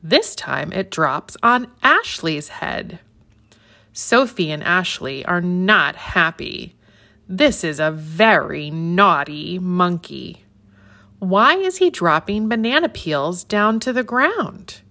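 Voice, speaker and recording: Woman reading a kids story, slow n sing-songy, bright voice. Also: on the low side. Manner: slow, expressive, sing-song. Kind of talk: children's story read-aloud.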